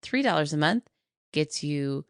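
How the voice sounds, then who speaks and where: A woman's voice: deep voice, lively intonation, measured pace, dry recording, clean studio sound. A woman co-hosting a podcast in casual chat, rambling and giggling as she reads out thanks and plugs. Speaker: podcast co-host.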